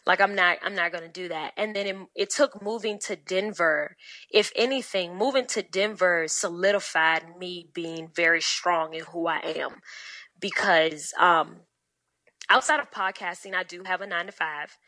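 A woman chatting as a podcast guest, blunt and profane, telling animated stories from her working life. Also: fairly low pitch, normal speed, no echo, low-quality recording. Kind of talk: casual podcast chat.

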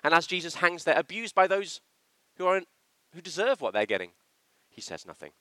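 A male preacher giving a sermon, his pitch rising and falling with lively movement. His tone is bright and a touch sharp, and the sound is close and dry with hardly any room echo. He stresses his points hard and acts out short quoted lines. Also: brisk. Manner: animated, emphatic delivery with acted quotations. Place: church.

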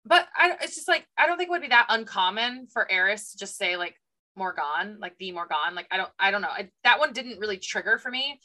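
A young woman co-hosting a book podcast in casual chat, animated and acting out characters' lines. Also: mid-range voice, brisk. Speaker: podcast co-host.

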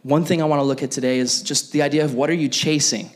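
A young adult man preaching a sermon as pastor, animated and acting out the voices he quotes. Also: on the high side, fast talker.

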